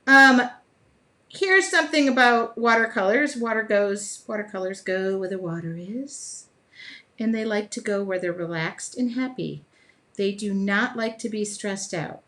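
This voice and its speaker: Middle-aged woman, slightly high-pitched, chatty art demo host who laughs easily while working. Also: fairly bright tone. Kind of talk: casual live craft demo chat.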